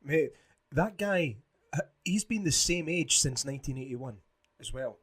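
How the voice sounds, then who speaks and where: A man co-hosting a podcast in casual chat, lively and swearing, acting out movie scenes in put-on voices. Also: on the high side, a little slow, a crowd in the background. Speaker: podcast co-host.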